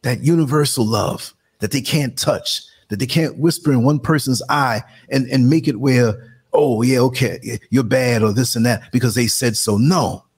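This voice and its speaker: A man in his sixties with a New York accent, hosting a live show and chatting casually, telling animated stories and acting out quotes in a higher voice. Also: normal speed, slightly rough. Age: 60s. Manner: animated storyteller, acts out quotes in a higher voice, laughs often. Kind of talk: casual live-stream chat.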